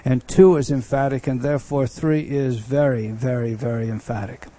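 Leading a Bible study, a male pastor teaches through an expository sermon in a conversational way, often restarting phrases and stressing words for emphasis. He speaks at a moderate pace with a mellow, steady tone at medium pitch.

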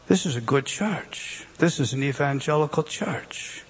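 Guy preaching a sermon, punchy, keeps asking the crowd questions, voice a bit high. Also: measured pace, husky. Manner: emphatic preaching, rhetorical questions. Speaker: pastor.

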